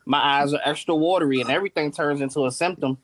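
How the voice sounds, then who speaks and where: A man's voice: a little high, fast. A man co-hosting a casual podcast, joking by quoting his own worried thoughts. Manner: comic, quotes his own inner thoughts. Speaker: podcast co-host. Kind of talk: casual chat.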